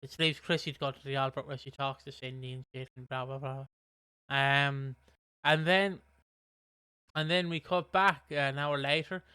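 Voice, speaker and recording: A man's voice: mid-range voice, steady tone, moderate pace, sharp tone, clear, resonant tone, no echo. Casual British man recapping a soap. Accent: British English. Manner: rambling, swears casually, acts out quotes. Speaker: podcast co-host.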